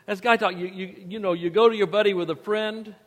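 Guy explaining marriage stuff, kinda high voice, joking, reverby. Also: steady tone, fairly quick, a bit bright. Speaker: marriage teacher, co-host. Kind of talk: teaching talk on marriage.

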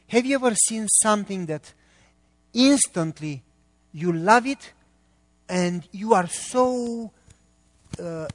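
Romanian accent guy preaching, kinda high voice, long hall echo. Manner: earnest, talks quickly when excited, pauses between phrases. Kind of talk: sermon. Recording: long reverb of a large hall.

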